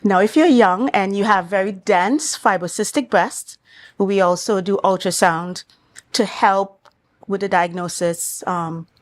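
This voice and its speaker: A woman with a Trinidad and Tobago accent, a doctor speaking as a guest on a morning talk show, explaining things in a measured, clinical way. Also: mid-range voice.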